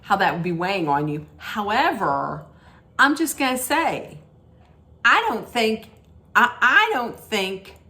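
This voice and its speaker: A woman's voice: medium pitch, animated, slow pace, sharp tone. Emphatic woman ranting in a recap. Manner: emphatic, disapproving, with frequent "mm-mm" and restarts. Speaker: reality TV recap host. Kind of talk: casual opinionated recap rant.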